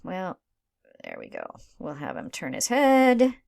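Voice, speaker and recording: A woman instructor talking through a screen-recorded software tutorial, casual and thinking aloud, often checking in with "right?". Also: fairly low pitch, wildly swooping pitch, measured pace, creaky.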